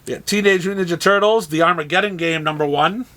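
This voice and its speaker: A man casually running through a comic shop's weekly new releases, listing titles with dry, sarcastic asides and halting restarts. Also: sits high, bright, forceful tone, slight background noise.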